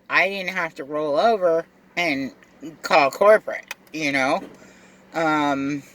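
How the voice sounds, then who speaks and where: A rideshare driver telling a story casually to camera, animated and acting out both sides of the dialogue. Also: medium pitch.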